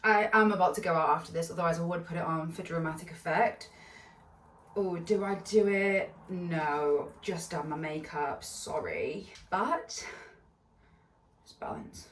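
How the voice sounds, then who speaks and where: Recorded from a distance in an echoey room, a woman vlogger tells a casual storytime, her voice a bit off-mic. It sits on the low side, a touch bright, and a little slow, and she's bubbly, giggly and rambling with many side notes.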